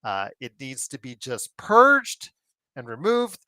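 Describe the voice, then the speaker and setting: A man hosts a sports podcast, talking in a loose, rambling way and joking through plugs for the show. His pitch swings up and down freely. The recording is dry, with no room around the voice. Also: takes it slowly, no echo. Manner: rambling, animated, jokey plugs. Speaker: podcast host. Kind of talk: casual sports podcast chat.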